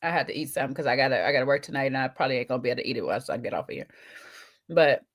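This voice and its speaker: A woman's voice: extremely low pitch, lively intonation, rapid-fire. A woman, co-hosting a casual chat show, talking to viewers while eating, with teasing asides. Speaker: podcast co-host.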